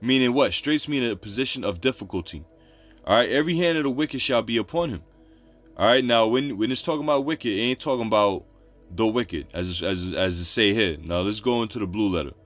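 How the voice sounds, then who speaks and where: A man's voice: on the low side, animated, brisk, soft background music. A man preaching a scripture study, reading verses aloud and explaining them emphatically in casual, informal phrasing. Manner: emphatic, repeats points, informal street phrasing between readings.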